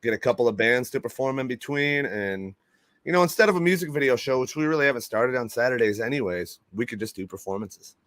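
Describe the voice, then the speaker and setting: A man's voice: medium pitch, animated, fast talker, a bit bright, no room sound. Laid-back laughing morning show host man. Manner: easygoing, laughs often, loose recaps. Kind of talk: casual chat.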